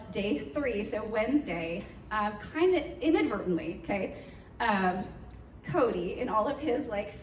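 A woman telling a church congregation about a trip in a lively, chatty way, with plenty of fillers and acted-out quotes. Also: fairly high pitch, slight background noise. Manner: animated, chatty, lots of fillers, acts out quotes. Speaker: mission trip leader speaking to church. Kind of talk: storytelling trip recap. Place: church hall. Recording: roomy echoey hall, mic far off.

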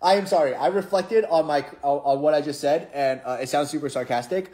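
A young man hosts a casual live stream and answers viewer comments. His voice sits a little high, and his talk is playful and jokey, full of restarts. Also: fairly quick, dark tone. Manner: playful, jokey, rambling with restarts and sudden mock-sad drops.

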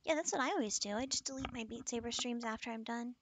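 A woman's voice: on the high side, fast talker, a little hiss or hum. A woman from the United States hosting a casual gaming stream, giggling often and teasing playfully. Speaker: streamer host.

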